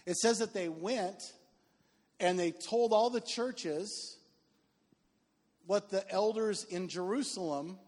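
A middle-aged male pastor preaching a sermon in an animated, conversational way with joking asides. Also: high-pitched. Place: church sanctuary. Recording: reverberant hall with faint music.

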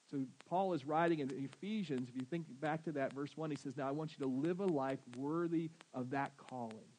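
A man's voice: on the high side, moderate pace, darkish tone, a little hiss or hum, low-quality recording. Southern man preaching a conversational sermon. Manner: conversational preaching, asks the congregation questions. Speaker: pastor.

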